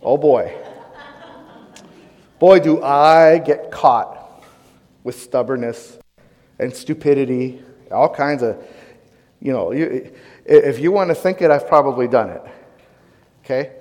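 A male pastor preaching, telling a lively personal story and firing questions at the congregation. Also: mid-range voice, takes it slowly, long pauses, in a large hall. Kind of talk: sermon.

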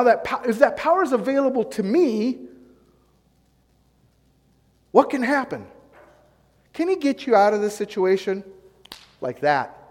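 High-voiced preacher man in a reverberant hall. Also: darkish tone. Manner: call-and-response preaching, rising and falling emphasis. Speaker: pastor. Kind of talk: sermon.

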